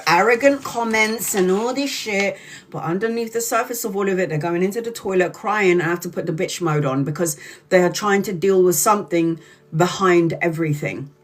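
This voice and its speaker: A woman tarot reader talking casually to viewers on a live stream, blunt and profane, dragging out key words for emphasis. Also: medium pitch.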